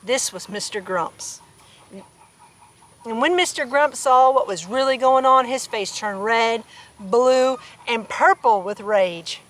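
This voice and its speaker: A woman's voice: fairly high pitch, takes it slowly, poor audio. A woman reading a children's picture book aloud outdoors on a farm, with playful asides to her animals. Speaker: storybook reader.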